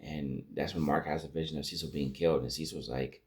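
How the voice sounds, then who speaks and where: Man, deep low voice, casual commentary, rambling recap, retells scenes. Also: steady tone, a little fast. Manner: rambling recap with restarts and acted-out quotes. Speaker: show reviewer.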